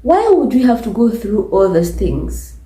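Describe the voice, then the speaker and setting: A woman's voice: medium pitch, sing-song, a little slow, warm tone. A woman with a Ugandan English accent talking to camera in a casual vlog, emphatic, repetitive and exasperated. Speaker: vlogger. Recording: echoey room.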